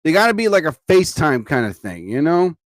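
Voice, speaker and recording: A man's voice: on the high side, sing-song, a little fast, dry recording. Sleepy rambling man on a dry mic. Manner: rambling, chatty, exclaims "oh my God" often. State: sleepy, tired. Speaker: live show host. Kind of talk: casual live-stream chat. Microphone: studio mic.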